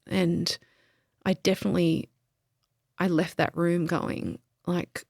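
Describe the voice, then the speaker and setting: A woman guest on a podcast, telling a deeply personal story in a halting way, with many pauses and restarts. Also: little pitch movement, gravelly, a little mellow, no room sound, clean studio sound. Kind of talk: emotional interview, personal story.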